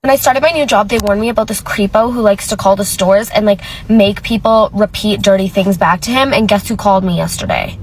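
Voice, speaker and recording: A woman's voice: mid-range voice, fairly quick, few pauses, poor audio. Chatty woman with faint room noise. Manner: chatty, animated quoting of dialogue. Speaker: retail cashier. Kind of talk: casual storytelling vlog.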